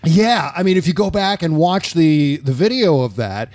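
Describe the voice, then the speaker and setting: A man hosting a political comedy podcast, rambling and profane and quick to laugh. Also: on the high side, lively intonation, darkish tone, no echo, clean studio sound. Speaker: podcast host. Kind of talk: casual political comedy chat.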